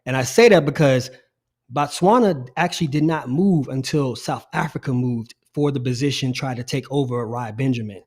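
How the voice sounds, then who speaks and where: A middle-aged man co-hosting a casual sports podcast, animated and repeating his phrases as he talks. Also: mid-range voice, normal speed. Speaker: podcast co-host.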